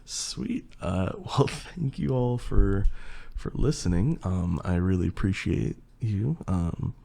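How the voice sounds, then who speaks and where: A young man with a hoarse, partly lost voice, chatting casually and rambling through a Q&A as an ASMR creator. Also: low voice, slow. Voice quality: gravelly and husky. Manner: relaxed, rambling, with fillers and swearing. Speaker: ASMR creator answering questions. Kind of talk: casual Q&A chat.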